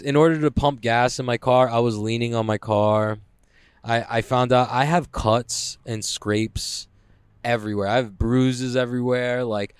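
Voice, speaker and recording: A man talks on his podcast while driving, rambling and cursing freely with a wry, self-mocking edge. His voice is smooth and clear at an ordinary middle pitch. The sound is close and dry, with no room around it. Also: no echo. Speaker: podcast host. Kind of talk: casual solo podcast monologue. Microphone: headphones with mic.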